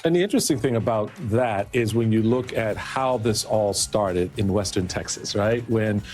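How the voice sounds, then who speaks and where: A man's voice: fairly low pitch, moderate pace, darkish tone. A man on a political panel, laying out events step by step in a storytelling manner. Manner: storytelling, building a case step by step. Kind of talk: political discussion.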